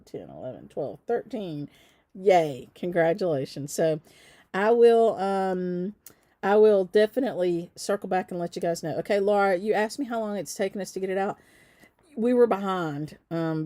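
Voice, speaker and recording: A woman with a lowish voice and a dark tone speaks with no room sound. She's a shop owner chatting casually on a live stream, upbeat, with a light Southern US accent softened by travel. She's from the Southern United States and keeps things chatty, dropping frequent ums and little laughs.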